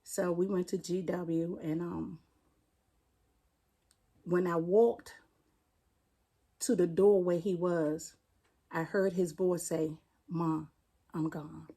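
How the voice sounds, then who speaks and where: Mellow-voiced D.C. woman recounting her loss. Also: on the low side, fairly even intonation. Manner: plainspoken, halting, retelling a painful loss. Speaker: interview guest, firefighter. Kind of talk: personal storytelling in an interview.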